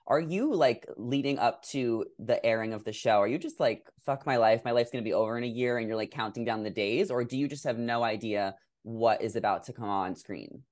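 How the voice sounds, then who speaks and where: A man hosting a podcast, his voice a little congested. He chats casually and reassures his guest as he asks his questions. His pitch sits in the middle of the usual range. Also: fairly quick, few pauses, darkish tone. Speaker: podcast host.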